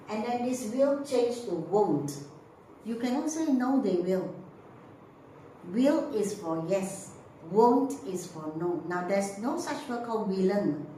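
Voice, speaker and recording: A woman's voice: mid-range voice, darkish tone, slight background noise. A woman teacher, explaining short answers in a patient grammar lesson and repeating drill phrases. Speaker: English teacher. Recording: echoey room, voice from mic distance.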